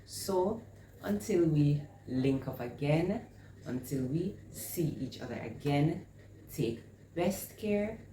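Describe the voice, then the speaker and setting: A woman's voice: low-pitched, expressive, slow pace, dark tone. A woman host teaching reading, explaining step by step and drawing out and repeating each sound she models. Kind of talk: instructional explanation. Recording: echoey room with faint noise.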